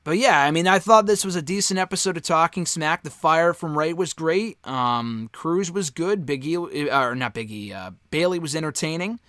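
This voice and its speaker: Male reviewer, talks candidly and offhand, higher-pitched voice, dry close mic. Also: animated, normal speed, hardly any pauses, fairly bright tone, dry recording. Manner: candid, offhand, swears freely. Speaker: wrestling show reviewer. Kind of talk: casual spoken review.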